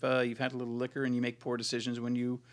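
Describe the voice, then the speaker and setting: A man's voice: medium pitch, completely flat delivery, rapid-fire. A man co-hosting a podcast, chatting casually about movies in a rambling, sarcastic way with plenty of swearing. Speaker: podcast co-host. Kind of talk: casual movie review chat.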